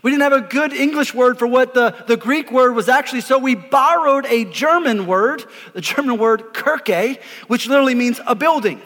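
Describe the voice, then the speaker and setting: A man, a pastor preaching an energetic sermon, emphatic and repeating words as he calls on the congregation to answer. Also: very high voice, normal speed. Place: church auditorium before a congregation. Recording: live in a reverberant hall.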